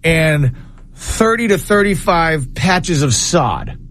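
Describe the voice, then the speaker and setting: Middle-aged guy telling a story on a talk show, highish voice, goes squeaky doing other people. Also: takes it slowly. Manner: animated storyteller, jumps up in pitch for quoted voices. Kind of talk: casual storytelling banter.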